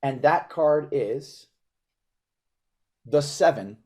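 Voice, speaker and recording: A man working a crowd as a magician, full of showy, self-mocking patter. His pitch swings up and down as he talks. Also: expressive, drawn-out words, darkish tone. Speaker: magician performing for a live audience.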